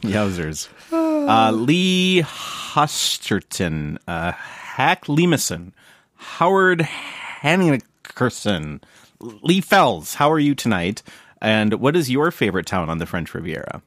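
A man's voice: medium pitch, huge pitch swings, takes it slowly, a bit bright, dry recording, studio quality. A man hosting a casual podcast chat, joking and laughing often with his friends. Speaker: podcast host.

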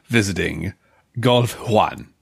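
A man's voice: deep voice, slow pace, creaky, breathy edge, no echo, studio quality. A man chatting on a podcast, teasing the host and laughing often. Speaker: podcast guest. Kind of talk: casual chat.

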